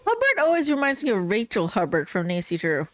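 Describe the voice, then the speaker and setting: A woman's voice: mid-range voice, huge pitch swings, brisk, a bit bright. A young woman streaming a game, making chatty, blunt, sarcastic asides. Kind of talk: casual gameplay commentary.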